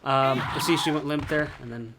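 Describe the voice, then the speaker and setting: A man's voice: medium pitch, fairly even intonation, normal speed, very noisy. A man chatting casually while reviewing an old fighting game, rambling with lots of fillers and restarts.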